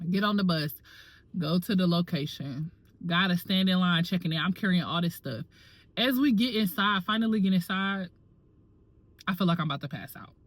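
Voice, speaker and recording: A woman vlogger telling her own story in a casual, dramatic and expressive way, talking straight to her viewers. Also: fairly low pitch, no room sound. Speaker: actor and vlogger.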